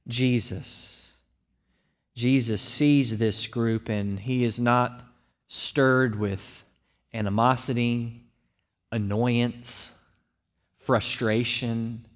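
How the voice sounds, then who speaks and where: A man's voice: medium pitch, slow. A man preaching a sermon, explaining a passage and acting out the speakers' lines with animation. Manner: animated, acts out the disciples' lines in a raised voice. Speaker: pastor.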